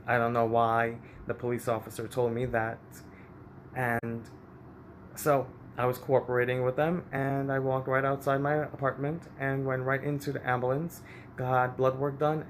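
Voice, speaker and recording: A man's voice: medium pitch, slight background noise. A man telling his own story in a vlog, candid and emotional. He speaks frankly and retells painful family moments in a plain, confessional way. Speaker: vlogger. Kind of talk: personal storytelling.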